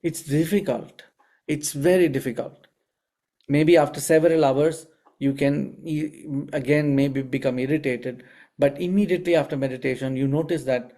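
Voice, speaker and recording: A man giving a spiritual healing teaching. He tells stories in an animated way and often puts rhetorical questions to his listeners. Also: mid-range voice, moderate pace. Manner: asks the audience frequent rhetorical questions; animated storyteller. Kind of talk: teaching talk with storytelling.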